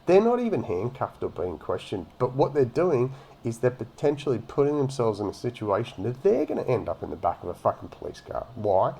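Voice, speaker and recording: A man's voice: mid-range voice, big pitch swings, a little fast, creaky, warm tone, a little hiss or hum. A man giving a profane, mocking rant as he comments on a video. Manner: ranting and mocking, heavy swearing. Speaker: reaction commentator.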